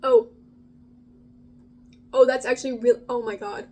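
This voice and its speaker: High-voiced gushing young woman vlogger. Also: poor audio. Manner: gushing, excitable, drawn-out exclamations. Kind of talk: casual food vlog.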